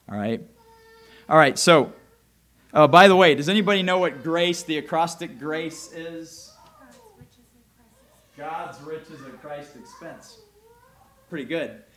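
A male pastor preaching a sermon emphatically, asking his congregation questions and swinging between loud and soft delivery. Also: mid-range voice, very echoey, low-quality recording.

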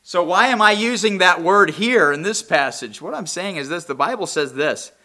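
A man preaching a sermon, swinging between impassioned near-shouts and low, quiet asides. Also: animated, moderate pace.

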